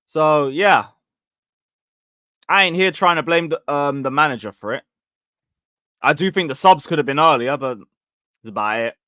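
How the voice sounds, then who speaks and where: Young man, fan-channel host, rambling and sweary, a bit high, dry close mic. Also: a bit bright, dry recording. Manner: blunt, sweary, rambling, reading chat comments. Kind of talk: casual live match review.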